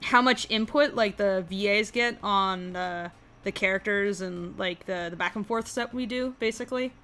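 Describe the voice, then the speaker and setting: A woman's voice: medium pitch, normal speed, a bit bright, a little hiss or hum. A woman co-hosting a casual live stream, chatty and thankful, with many fillers and laughs. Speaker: co-host, animator.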